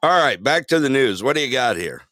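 A man's voice: medium pitch, brisk, no room sound, clean studio sound. A man co-hosting a talk show, telling stories with lots of laughter. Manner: laughing storyteller, animated. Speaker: radio show co-host. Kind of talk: casual chat show banter.

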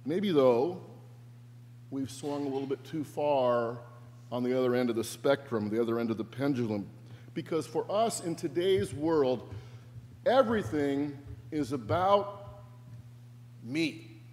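A man's voice: mid-range voice, animated, unhurried, long pauses, darkish tone. A man preaching a sermon as pastor, earnest and reflective, shifting his emphasis. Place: church sanctuary. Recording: echoey church with faint hum.

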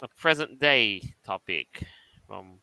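Smooth, bright man introducing topics. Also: medium pitch, lively intonation, no echo, rough recording. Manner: measured, leads into topics and reads headlines. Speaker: podcast co-host. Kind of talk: casual chat, introducing topics.

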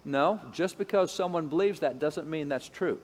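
In a lecture-style talk on education history, a man builds his points emphatically through repetition and briefly acts out the voices he quotes. His slightly mellow voice sits a touch high for a man and moves at normal speed, ringing with a long reverb as though in a large hall.

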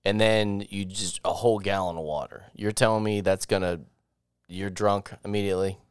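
A young man riffs and teases his co-host in easy casual chat, laughing through his own stories. His voice is smooth and clean, recorded up close with no room sound. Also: lowish voice, steady tone, moderate pace, no room sound. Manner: joking, teasing, trails off into laughter. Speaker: podcast co-host.

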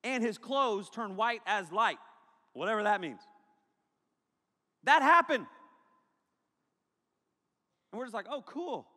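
A male pastor preaching a sermon to a congregation in a large hall, joking and animated, breaking into shouts. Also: high-pitched, slow, pauses often. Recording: long hall reverb.

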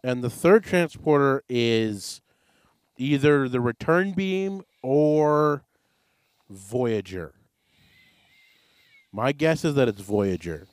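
A man co-hosting a podcast, talking in an offhand, rambling way with jokes. His voice sits at an ordinary middle pitch. The sound is dry and close. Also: lively intonation, takes it slowly, long pauses, no room sound. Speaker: podcast host. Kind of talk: casual podcast chat.

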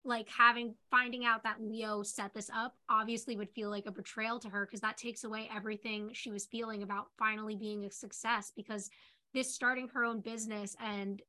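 A woman's voice: a little high, flat delivery, a little fast, sharp tone. A woman co-hosting a podcast, talking through a character's feelings in casual chat with many fillers. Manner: thoughtful, filler-heavy analysis. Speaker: podcast co-host. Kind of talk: casual discussion.

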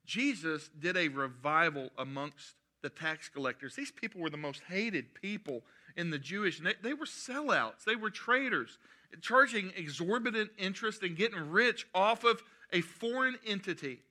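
A man preaching with lively energy and playful asides. His voice sits a little high and rings bright and forceful. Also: normal speed. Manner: animated preaching with humorous asides. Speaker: pastor. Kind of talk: sermon.

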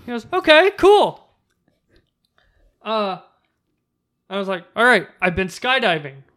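Man, high bright voice, animated casual storyteller acting out quotes. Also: moderate pace. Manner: animated, acts out quotes in raised voice.

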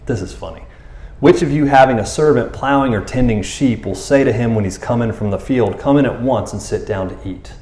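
Animated preaching man, echoey room. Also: mid-range voice, brisk. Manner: conversational, animated preaching with quoted voices. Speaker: pastor. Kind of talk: casual sermon.

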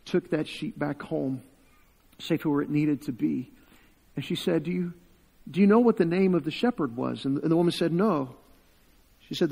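A male preacher tells a story from the pulpit, slightly higher-pitched than most men. He acts out quoted voices, swells louder at the tense moments and sinks almost to a hush at the solemn ones. His voice rings with the long reverb of a large hall. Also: vocal fry. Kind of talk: sermon storytelling.

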